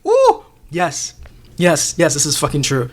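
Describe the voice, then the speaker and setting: Animated, laughing man talking TV. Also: fairly high pitch, unhurried. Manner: animated, swearing, laughing often, acting out lines. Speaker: podcast co-host. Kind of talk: casual TV discussion.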